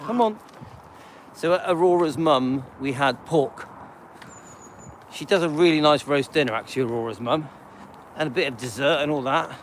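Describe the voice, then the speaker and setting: A man's voice: fairly high pitch, a little hiss or hum. Rambling middle-aged Englishman walking outdoors. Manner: rambling, chatty, loose asides with many ums. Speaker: channel host. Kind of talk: casual live-stream chat while walking. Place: outdoors on a residential street, walking a dog.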